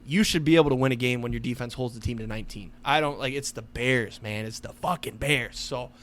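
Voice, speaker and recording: A man's voice: medium pitch, brisk, a bit bright. Heated, swearing young man ranting. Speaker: podcast co-host. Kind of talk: casual sports podcast rant.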